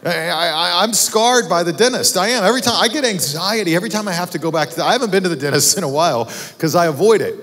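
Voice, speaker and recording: A man's voice: sits high, lively intonation, quick pace, few pauses, a bit bright, long reverb tail. A man from Texas preaching a sermon as pastor, telling a funny personal story in a casual, self-deprecating way. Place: church auditorium.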